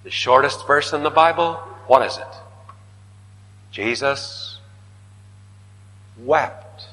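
A man preaching a sermon, swinging dramatically from loud declaiming to hushed whispers. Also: mid-range voice, slow pace. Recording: reverberant hall.

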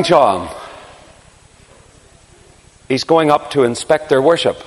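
A man preaching a sermon, telling a story dramatically, swinging from hushed asides to crying out. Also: mid-range voice, animated, slow pace. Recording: long hall reverb.

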